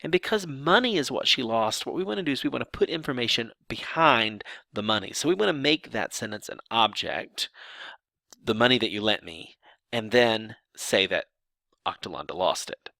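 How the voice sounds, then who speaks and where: Gravelly and medium-pitched, the man talks at a moderate pace in a dry recording. He's teaching sign language grammar, giving a lively, step-by-step explanation of examples with occasional restarts.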